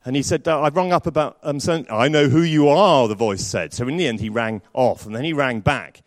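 Lively-voiced male preacher. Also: mid-range voice, brisk, no echo. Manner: storytelling with varied, lively delivery. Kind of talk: sermon.

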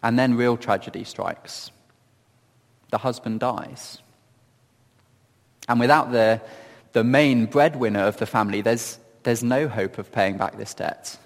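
A man giving reflective Bible teaching in a gentle, earnest storytelling manner, often asking questions of his listeners. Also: medium pitch, measured pace, vocal fry, pauses often, long reverb tail. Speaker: preacher.

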